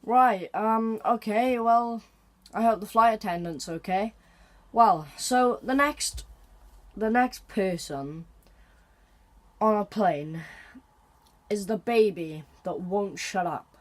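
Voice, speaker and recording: A man's voice: high voice, slow pace. A young man narrating comedy sketches in a chatty, exasperated way.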